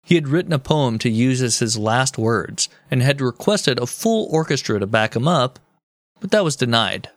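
A man's voice: mid-range voice, expressive, normal speed, dry recording, studio quality. A man co-hosting a comedy history podcast, telling the story in a joking, mock-serious way with casual swearing. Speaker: podcast co-host.

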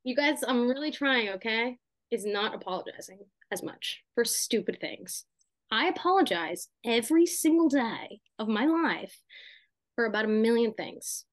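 A woman's voice: on the high side, lively intonation, moderate pace, no echo. A young woman co-hosting a podcast, talking casually with lots of fillers and asides. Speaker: podcast co-host. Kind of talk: casual chat.

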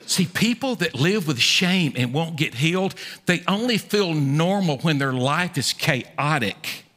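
A man preaching a sermon in a large church, folksy and animated, often repeating his words. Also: a little high, measured pace. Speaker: pastor. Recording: echoey church hall.

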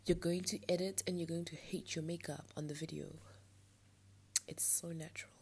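A woman's voice: lowish voice, little pitch movement, moderate pace, slight background noise. A young woman hosting her own podcast, talking candidly and a little frustrated late at night, with a blocked nostril. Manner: candid, frustrated, ranting with soft laughs. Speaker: podcast host. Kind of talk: late-night personal monologue.

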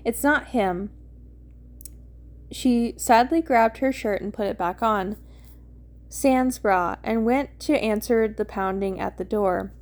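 A woman's voice: a little high, darkish tone. A woman podcast host reading fan fiction aloud casually, with small slips and asides.

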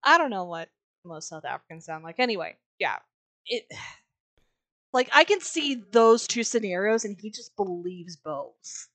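A woman's voice: mid-range voice, animated, unhurried, fairly bright tone, no room sound. Blunt, sarcastic woman podcast co-host. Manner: blunt, sarcastic, swears freely. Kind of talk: casual podcast chat, reading quotes aloud.

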